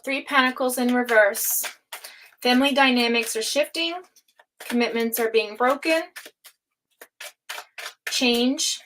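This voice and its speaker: A woman's voice: slow pace, pauses often, a bit bright, a little hiss or hum, poor audio. Chatty woman reading tarot live. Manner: chatty, reads out chat names and laughs often; spiritual, speaks of energy and higher self. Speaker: tarot reader hosting a live stream. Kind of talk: casual live-stream chat and tarot reading.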